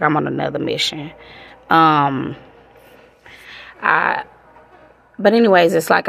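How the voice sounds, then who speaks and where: A woman speaks straight to her viewers, candid and swearing freely. Her voice sits fairly low, with a strong gravelly fry and a husky edge. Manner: candid, profane, emotional. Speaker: vlogger. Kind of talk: casual chat to viewers.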